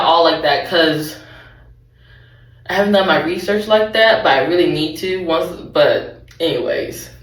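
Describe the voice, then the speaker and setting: A woman's voice: low voice, fairly bright tone, distant mic. A young adult woman recapping a TV show in a casual, rambling way, correcting herself and adding laughing asides. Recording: roomy, off-mic.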